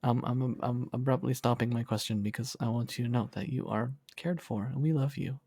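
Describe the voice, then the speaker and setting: A young man chatting casually on a livestream, reading comments in a soft, affectionate way and laughing often. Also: medium pitch, fairly even intonation, fairly quick, vocal fry, no echo. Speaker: streamer.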